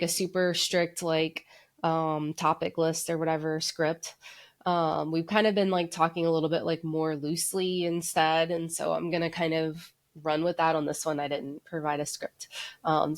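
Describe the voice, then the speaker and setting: A woman with a deep, low-pitched voice co-hosts a casual podcast. She sounds stuffy and congested from a cold. She rambles loosely and fills her sentences with fillers. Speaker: podcast co-host.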